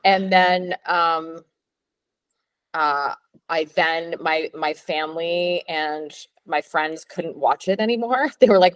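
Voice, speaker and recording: A woman hosting a casual conversation, talking in a chatty, animated way with lots of filler words. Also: deep voice, takes it slowly, smooth, no room sound. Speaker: host.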